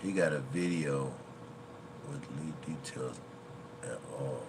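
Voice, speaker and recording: A man's voice: a bass voice, takes it slowly, noisy background. A man hosting a reaction video in a chatty, casual way, laughing often and quoting movie lines.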